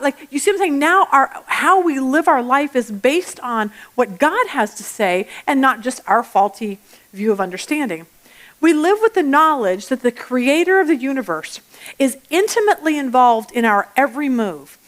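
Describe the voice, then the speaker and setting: A woman's voice: sits high, normal speed. Chatty woman teaching a Bible study. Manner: chatty and animated, with personal stories and restarts; acts out everyday voices mid-talk.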